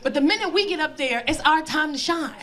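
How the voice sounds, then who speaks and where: A woman with a high voice performs a loud stand-up comedy set on stage before a live audience, talking a little fast. Her storytelling is animated and profane, and the live recording catches the crowd laughing.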